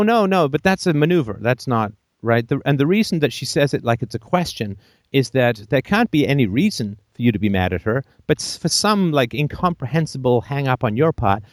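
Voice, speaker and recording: A man's voice: mid-range voice, no room sound, studio quality. A man hosting a call-in show, giving blunt, emphatic advice full of profanity and jokey asides.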